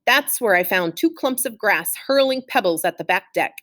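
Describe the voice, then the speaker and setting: A woman reading a children's chapter book aloud in an expressive, animated way. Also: mid-range voice, moderate pace. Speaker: reader.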